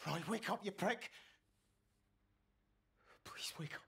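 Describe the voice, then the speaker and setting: A man's voice: on the high side, expressive, normal speed, big-room sound, natural voice. A man playing a desperate Scottish oil-rig worker in a video game, swearing and pleading, sometimes dropping to a whisper. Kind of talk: video game cutscene acting.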